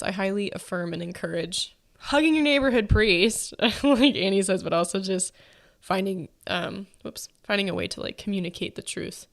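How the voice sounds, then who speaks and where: A woman's voice: mid-range voice, vocal fry, fairly bright tone. Young female host, pregnant, loose conversational delivery full of fillers. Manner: chatty, many fillers and likes. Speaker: podcast host. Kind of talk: casual faith-based chat.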